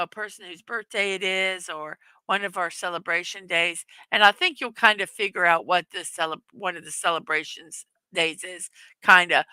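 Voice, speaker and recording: A chatty woman hosting a live stream, giggling and filling her pauses with ums and uhs. Her voice is bright and clear. The sound is dry and close. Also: lowish voice, no echo, poor audio. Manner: chatty, giggly, with many fillers. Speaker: livestream host. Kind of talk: casual live chat reading viewer comments.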